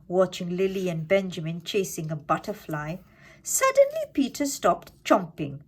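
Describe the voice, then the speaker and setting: A woman narrating a children's storybook with an expressive, animated reading. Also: lowish voice, moderate pace, husky.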